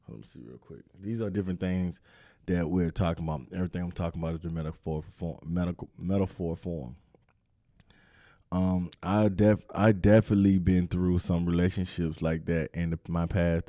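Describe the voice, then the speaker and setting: Slangy, low-voiced man talking casually. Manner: animated, repetitive, slangy street talk. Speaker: host. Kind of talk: casual chat.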